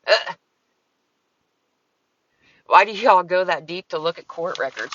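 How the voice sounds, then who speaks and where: A woman's voice: on the low side, a little slow, pauses often, a bit bright, no room sound, lo-fi sound. A woman talking casually on her livestream, answering comments in a profane, exasperated, rambling way.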